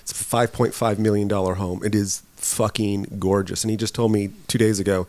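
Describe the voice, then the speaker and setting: A man from Northern California in a casual chat, joking and animated as he tells stories. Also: fairly low pitch, a little fast, dry recording.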